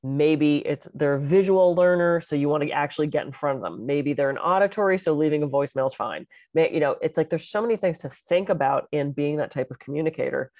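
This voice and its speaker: Animated, expressive woman in a dry close-mic recording. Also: deep voice, quick pace, few pauses, dry recording. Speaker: podcast co-host and public speaker. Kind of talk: casual chat.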